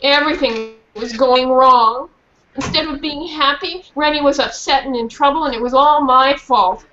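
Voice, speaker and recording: A woman's voice: high voice, normal speed. A woman reading a children's book aloud to students and then asking them questions. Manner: lively, questioning a class. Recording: dull lo-fi recording with faint hiss.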